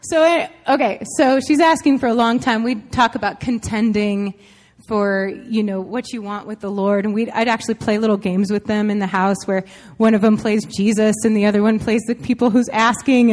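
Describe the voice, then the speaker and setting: A woman with a high voice shares an emotional testimony in a large church, breaking into laughter often. Her words ring out in an echoey hall with a long reverb tail. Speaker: church speaker and mother.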